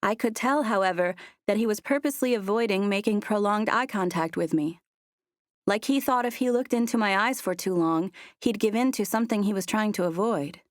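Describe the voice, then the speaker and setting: A woman narrating a first-person romance audiobook with soft, earnest storytelling. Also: mid-range voice, brisk, dry recording, clean studio sound.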